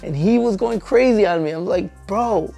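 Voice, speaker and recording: A man with a gravelly, creaky voice tells a story from his days as a truck driver trainer in a casual vlog. His voice sits somewhat high for a man, and he acts out both sides of the exchange with animated energy. Faint music plays underneath. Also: a little fast.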